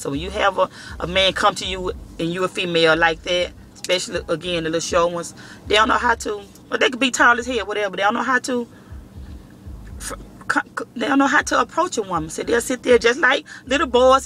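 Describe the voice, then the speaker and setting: A vlogger with a high voice speaks fairly quickly over a slight hiss or hum. He tells a story to the camera in casual, profane language, animatedly acting out the dialogue.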